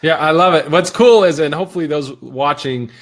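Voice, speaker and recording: A man's voice: a little high, brisk. A man hosting a live video interview, affirming his guest and reading viewer questions with lots of fillers. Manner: enthusiastic, affirming, many "like"s. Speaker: interview host.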